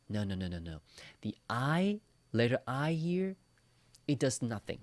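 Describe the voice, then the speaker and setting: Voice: mid-range voice, big pitch swings, slow pace, no room sound. A Mandarin teacher giving an online beginner lesson, playfully demonstrating sounds and asking learners to repeat after them.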